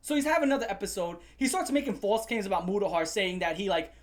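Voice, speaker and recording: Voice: mid-range voice, quick pace. Vlogger going off in a sweary rant, heated, keeps repeating lines to hammer it in. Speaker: commentary channel host. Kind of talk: profane angry rant.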